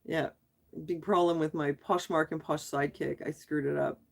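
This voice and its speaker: A middle-aged woman vents to her live-stream viewers, rambling and restarting as she goes. Her voice sits on the low side for a woman. She sounds frustrated and worn down. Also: fairly even intonation, normal speed, gravelly. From Canada. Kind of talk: casual live stream chat.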